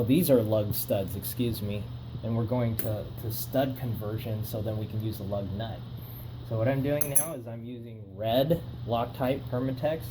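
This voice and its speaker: A man's voice: on the low side, background noise. A man casually narrating his own car work, rambling with fillers and self-corrections, filmed on a camera mic in a garage.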